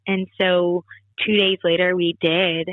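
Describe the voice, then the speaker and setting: A woman from Wisconsin, a singer-songwriter guest, telling stories in an animated, chatty way with many fillers. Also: fairly low pitch, takes it slowly, no echo. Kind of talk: casual interview chat. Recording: tinny phone-like dry call audio.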